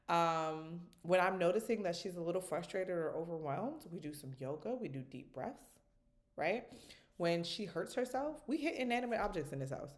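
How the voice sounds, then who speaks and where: A woman vlogging casually to camera about parenting, talking with lots of animation and often checking in with "right?". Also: normal speed. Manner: animated, jumps into high voices quoting her daughter. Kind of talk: casual direct-to-camera vlog.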